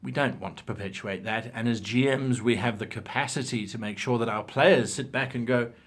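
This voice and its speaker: A man's voice: medium pitch, moderate pace, hardly any pauses, breathy edge. A man giving game-master tips in a casual, opinionated talk, acting out examples as he goes. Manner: animated, opinionated, acts out examples.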